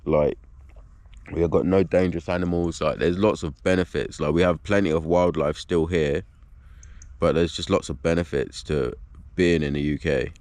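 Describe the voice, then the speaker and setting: A video blogger with a deep, heavy voice speaks directly into his camera in a loose, wandering monologue, swearing and circling back with "like" and "do you know what I mean." His tone is steady and slightly mellow, at a moderate pace. The recording is dry and close, with no echo.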